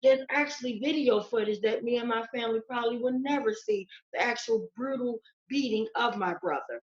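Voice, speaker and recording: A woman's voice: a little high, brisk, highs cut off. A woman guest giving urgent, emotional testimony in an interview, pleading and repeating phrases. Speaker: interview guest, victim's sister.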